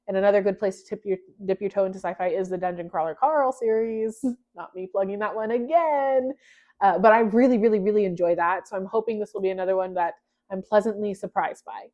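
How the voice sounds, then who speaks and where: A young woman talks casually to her camera, chatty and quick to poke fun at herself. Her voice sits at an ordinary middle pitch. The recording sounds a little dull and lo-fi. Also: darkish tone. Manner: chatty, self-deprecating, restarts and laughs. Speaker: book vlogger.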